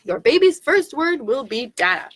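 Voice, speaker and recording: Animated woman reading to children. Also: high-pitched, moderate pace, a little hiss or hum. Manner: playful, animated, makes animal sounds. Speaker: children's librarian. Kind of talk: reading picture books aloud to children.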